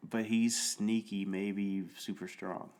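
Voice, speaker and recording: A man co-hosting a podcast, recapping a TV episode in a slow, halting way with lots of fillers. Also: fairly low pitch, flat delivery, darkish tone. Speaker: podcast co-host. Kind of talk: casual chat recapping a TV episode.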